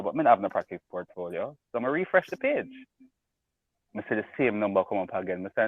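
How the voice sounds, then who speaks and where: A man's voice: fairly low pitch, fast, no room sound. Emotional man calling in by phone. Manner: excited, rambling storyteller. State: emotional, near tears. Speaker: caller. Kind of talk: phone-in chat. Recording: tinny phone line.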